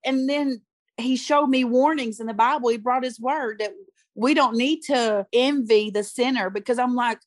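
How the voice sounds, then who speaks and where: A woman's voice: on the high side, normal speed, dry recording. A middle-aged woman and youth pastor telling her personal story in conversation, earnest and emotional, repeating phrases for emphasis.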